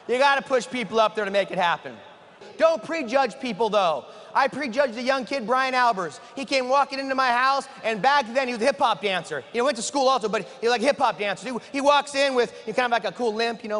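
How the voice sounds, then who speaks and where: A man giving an energetic motivational talk to an audience, asking the room questions and acting out conversations. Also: very high voice, a little hiss or hum. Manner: energetic, asks the room questions, acts out dialogue. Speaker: motivational speaker. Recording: long hall reverb.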